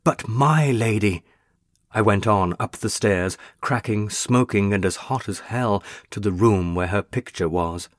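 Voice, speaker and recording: Deep-voiced man reading a brooding tale. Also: unhurried, hardly any pauses, no echo, studio quality. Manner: intense, brooding, expressive. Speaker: narrator. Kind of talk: dramatic first-person story reading.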